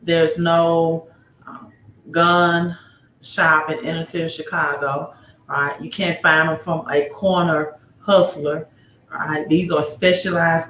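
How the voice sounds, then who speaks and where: A woman's voice: low-pitched, fairly bright tone, a little hiss or hum. A woman hosting a casual livestream about money, rambling, greeting viewers by name and asking rhetorical questions. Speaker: livestream host giving financial advice. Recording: roomy echo.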